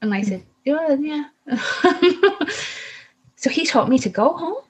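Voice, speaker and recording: A woman's voice: sits high, big pitch swings, takes it slowly, rough recording. A young woman telling a personal story in a vivid way, acting out the voices of the people in it.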